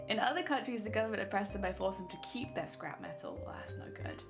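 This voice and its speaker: A woman's voice: mid-range voice, sing-song, a little fast, few pauses, over music. A young woman streaming, chatting casually and laughing often while she reads chat.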